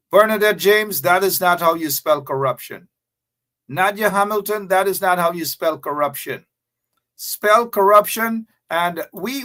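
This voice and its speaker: A man's voice: on the high side, pushed and bright. A man with a Guyanese accent hosting a live talk show, chatting to viewers in a sarcastic, joking way.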